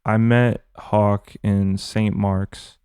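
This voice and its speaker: A man co-hosting a podcast in relaxed, friendly, rambling chat. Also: on the low side, drawn-out words, smooth, dry recording, studio quality. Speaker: podcast co-host. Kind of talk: casual chat.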